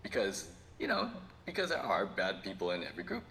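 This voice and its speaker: A man's voice: low voice, wildly swooping pitch, a little fast, bright, forceful tone, a little hiss or hum. A man co-hosting a podcast in casual chat, rambling and laughing often as he tells stories. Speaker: podcast co-host.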